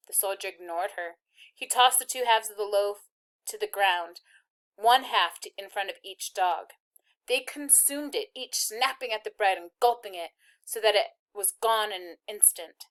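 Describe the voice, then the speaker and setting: Woman narrator reading a chapter aloud, steady and expressive, medium pitch. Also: normal speed. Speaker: reader.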